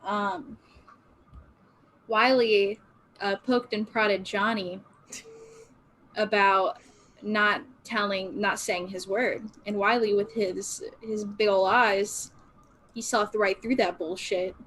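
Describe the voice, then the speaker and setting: A woman chatting with her gaming group, animated and jokey, with playful swearing. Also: medium pitch, slow pace, pauses often. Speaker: tabletop game player. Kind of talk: casual chat with friends.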